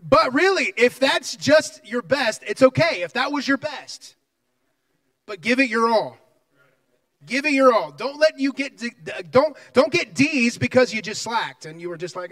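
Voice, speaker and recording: A man preaching a sermon, telling a personal story in an animated way and acting out its scenes. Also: extremely high pitch, a little slow, dry recording, far from the mic. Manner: animated, acts out scenes and voices in his story.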